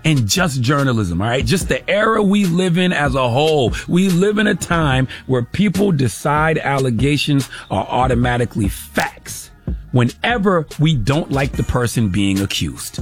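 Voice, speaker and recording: A male show host delivering an opinion monologue at a medium pitch. He is emphatic and sarcastic, hammering each point and tagging his lines with "okay?". Faint music sits under the voice. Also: expressive, normal speed.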